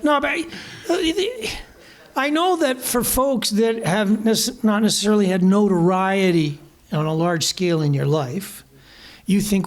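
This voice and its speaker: A man's voice: high-pitched, measured pace. A Canadian man, a guest musician, telling anecdotes in conversation, acting out the voices of the people in his stories. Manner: animated anecdotes, acting out quoted voices, laughing. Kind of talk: storytelling conversation. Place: small live music venue.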